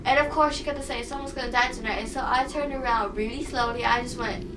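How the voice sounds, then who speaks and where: A woman telling a personal scary story for a class assignment in a dramatic, animated way, acting out her own lines. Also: fairly high pitch, a little fast, noisy background. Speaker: student storyteller. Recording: distant voice with music behind.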